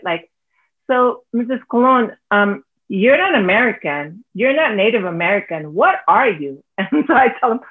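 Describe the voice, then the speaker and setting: A woman with a Filipino accent talks on a panel with an earnest, heartfelt manner and laughs softly now and then. Her voice sits at a middle pitch. The video call audio is thin and tinny, like a phone line. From Philippines. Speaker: teacher, panelist. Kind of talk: panel discussion.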